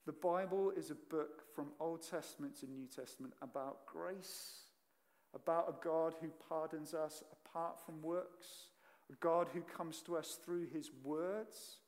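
A preacher giving a sermon, emphatic, swinging from loud declarations to hushed, quiet lines. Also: medium pitch. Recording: long reverb in a large hall.

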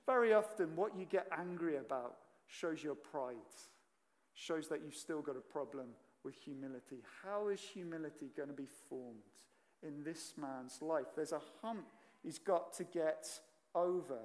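A preacher giving a sermon, emphatic, swinging from loud declarations to hushed, quiet lines. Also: mid-range voice, a little slow. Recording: long reverb in a large hall.

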